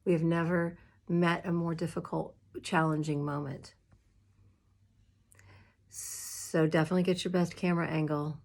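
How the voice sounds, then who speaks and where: A woman minister giving casual, heartfelt advice to fellow clergy, chatty and emotional, with fillers and small laughs, in a room with a squeaky chair. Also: level tone, moderate pace, long pauses.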